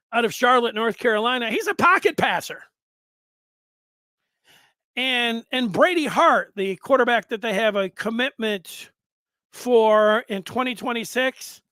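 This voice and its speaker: A man's voice: very high voice, pushed and bright, no room sound. A man in his fifties hosting a sports podcast, talking in a rambling, conversational way with asides and restarts. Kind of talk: casual sports podcast commentary.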